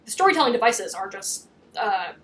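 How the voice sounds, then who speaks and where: A young woman hosting a casual recap, animated and chatty, swearing and acting out scenes. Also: mid-range voice, a little fast, poor audio. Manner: animated, swears, acts out quotes. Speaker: YouTube recap host. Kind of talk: casual chat.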